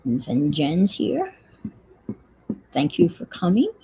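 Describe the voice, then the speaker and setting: A woman's voice: low voice, wildly swooping pitch, slow pace, mellow, slight background noise, low-quality recording. A woman with a New York accent chatting casually and thinking aloud while she crafts at home on a livestream.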